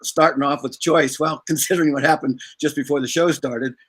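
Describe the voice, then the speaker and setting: A man's voice: a little high, fairly even intonation, fairly quick, fairly bright tone, breathy edge, no room sound. A man appearing as a guest author over a video call, speaking graciously and reflectively. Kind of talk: casual interview chat.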